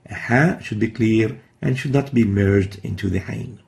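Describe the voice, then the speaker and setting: A man's voice: fairly low pitch, moderate pace, creaky, a little mellow. A man teaching a recorded recitation lesson, explaining each pronunciation mistake step by step and then sounding out the Arabic letters himself.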